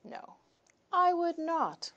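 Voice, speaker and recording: A woman reading aloud and voicing a big, gentle male dog in a children's storybook, in a raised, coaxing voice. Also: very high voice, very animated, drawn-out words, highs cut off, voice pushed up, heavily acted.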